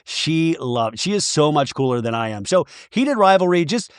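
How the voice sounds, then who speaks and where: A man chatting casually as a guest on a podcast, animated and rambling, laughing often as he talks. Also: on the high side, moderate pace, clear, resonant tone, no room sound, clean studio sound.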